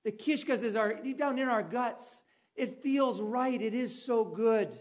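A man preaching a sermon, telling a personal story with dramatic turns and loud calls. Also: extremely high pitch, measured pace, muffled recording. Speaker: pastor.

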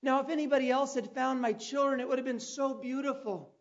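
A man preaching a sermon, telling a personal story with dramatic turns and loud calls. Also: very high voice, steady tone, a little fast, highs cut off. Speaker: pastor.

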